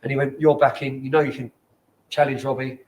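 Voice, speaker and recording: A man in his forties with a London accent, a former footballer telling stories in casual chat in a bar, animated and swearing often. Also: mid-range voice, fairly quick. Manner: animated, swears often, acts out quoted people. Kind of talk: casual storytelling.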